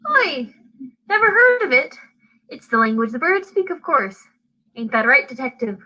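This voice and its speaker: Gal doing a cocky pirate guy, oi and ain't, bright sharp voice. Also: high voice, sing-song, moderate pace, full character voice. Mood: smug. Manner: rough pirate slang, "oi" and "ain't". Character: cocky pirate crewman, male, smug know-it-all. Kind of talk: student stage play.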